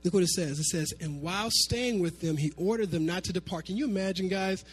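A man preaching a sermon to his congregation, animated, sometimes half-singing his phrases. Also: high voice, brisk, husky. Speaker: pastor.

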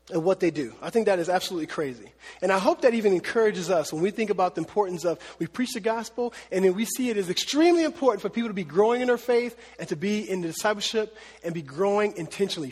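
A man's voice: sits high, lively intonation, fast, slightly rough, long reverb tail. A man preaching a sermon as pastor, teaching in a conversational way and checking in with the listeners with "right?" and "okay?".

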